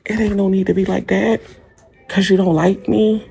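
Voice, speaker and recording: A man's voice: high-pitched, level tone, normal speed, creaky, mellow, slightly rough. A man livestreaming from a hospital room on a phone mic, talking straight to his commenters in a defensive, repetitive rant.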